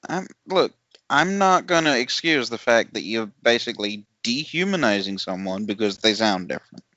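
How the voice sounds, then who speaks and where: A man's voice: mid-range voice, expressive, moderate pace, pushed and bright, no echo. A man co-hosting a podcast in casual chat, needling and provoking the others. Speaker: podcast co-host. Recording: dull, dry lo-fi audio.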